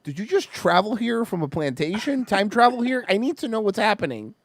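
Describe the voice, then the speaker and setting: A podcast host in casual, profane commentary on a show clip, animated and rambling, often laughing. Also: mid-range voice, a little fast, a little hiss or hum. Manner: animated, rambling, laughs a lot, swings loud and soft.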